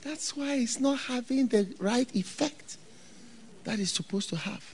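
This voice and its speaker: A man with a Ghanaian accent preaching a sermon to pastors, given to loud high-pitched shouts and laughter. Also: unhurried, breathy edge.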